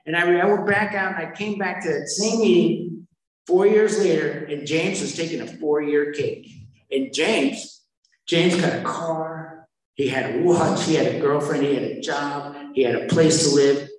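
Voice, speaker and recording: A man's voice: fairly high pitch, unhurried. A middle-aged man telling his recovery story at a meeting, blunt and rambling, often stopping to restart his sentences. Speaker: speaker sharing at a recovery meeting. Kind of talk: personal recovery testimony. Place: meeting hall. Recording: very echoey hall, from far off.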